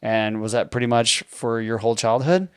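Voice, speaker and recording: A man's voice: medium pitch, moderate pace, clean tone, no room sound, clean studio sound. A man in his thirties from Texas, hosting a podcast in a chatty, storytelling way and laughing easily. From Texas, near Houston. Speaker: podcast host. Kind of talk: casual conversation.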